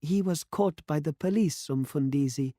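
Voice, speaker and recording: A man voicing a frightened, poor teenage girl in a story read aloud, lifting his voice high and thin. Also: normal speed, dark tone, no room sound, clean studio sound, close to an everyday voice. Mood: timid. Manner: high, strained voice put on.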